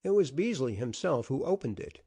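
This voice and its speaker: A man narrating an old-fashioned audiobook story in an expressive, dramatic way. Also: medium pitch, normal speed, slightly rough.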